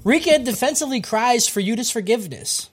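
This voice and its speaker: A man's voice: very high voice, lively intonation, a little fast, breathy edge. A man hosting a podcast, casually recapping an anime plot with profane jokes and a lot of "dude.".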